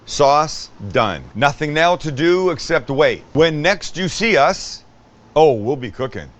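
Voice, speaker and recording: A man's voice: fairly high pitch, animated, takes it slowly, a little hiss or hum. A man hosting a cooking show, demonstrating a recipe in an upbeat, joking way and swearing freely.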